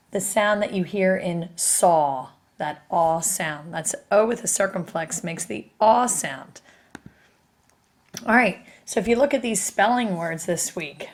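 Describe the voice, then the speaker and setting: A woman teaching a recorded spelling lesson, explaining each step patiently and asking her students questions. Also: lowish voice.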